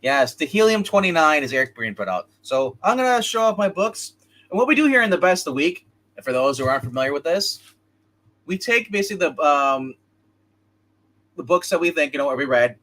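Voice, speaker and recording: A man's fairly high, slightly bright voice moves fairly quickly with lively intonation. He co-hosts a laid-back comics livestream, rambling and sharing opinions while chatting with a co-host and viewers.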